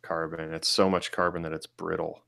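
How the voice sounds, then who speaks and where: Male co-host, blacksmith, low gravelly voice, dry mic, rambling explainer. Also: level tone, normal speed, bright, forceful tone, no room sound. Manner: explains technical details with many fillers. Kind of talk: casual podcast chat.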